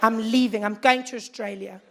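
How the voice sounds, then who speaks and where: A man's voice: high voice, fairly even intonation, moderate pace, gravelly, fairly bright tone, slight background noise, voice pushed up. A man voicing a fretful middle-aged person who keeps threatening to move abroad, whiny and melodramatic.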